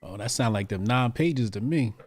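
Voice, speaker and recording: A man's voice: medium pitch, lively intonation, moderate pace, a little mellow, husky. A man co-hosting a podcast, making dry, sarcastic quips in casual chat. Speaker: podcast co-host.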